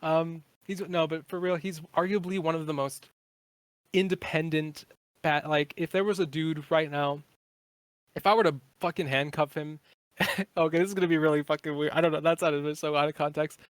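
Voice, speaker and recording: A man's voice: a little high, fairly even intonation, normal speed, dry recording. A man in his twenties, a podcast guest, chatting casually in a rambling, profane way with many fillers. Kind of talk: casual chat.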